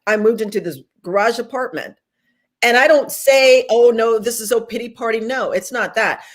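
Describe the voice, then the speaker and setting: A woman guest speaking over a video call, giving a fervent, preacher-like inspirational testimony and repeating phrases for emphasis. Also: mid-range voice.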